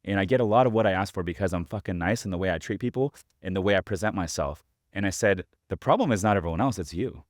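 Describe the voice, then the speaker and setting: A man's voice: low-pitched, fast talker, no echo, studio quality. A man hosting a podcast, telling a story in a rambling way with lots of fillers. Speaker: podcast host. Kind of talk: casual interview conversation.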